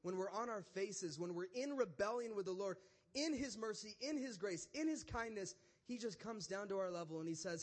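Young guy preaching, high voice, super casual, says "like" a lot, animated storytelling. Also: brisk. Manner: casual, conversational, animated storytelling with frequent "like" and "right?". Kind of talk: sermon.

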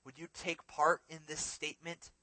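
A man preaching a sermon in a dramatic way, swinging between emphatic, loud lines and hushed ones. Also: on the high side, monotone, normal speed.

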